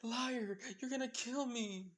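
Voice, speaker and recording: Man putting on a shrill paranoid survivor guy. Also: quick pace. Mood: panicked. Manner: pleading, terrified.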